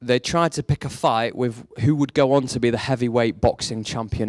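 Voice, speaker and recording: A man preaching a sermon, telling a story and leaning on rhetorical questions, his voice jumping up high for emphasis. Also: moderate pace, few pauses, no echo. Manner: storytelling, animated, rises sharply for emphasis.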